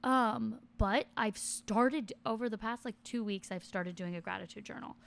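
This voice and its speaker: A woman's voice: fairly high pitch, normal speed, vocal fry. A young woman in her twenties chatting casually in a vlog, reading out a list and commenting on each item with self-deprecating asides. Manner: reads list items then comments on each. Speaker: vlogger.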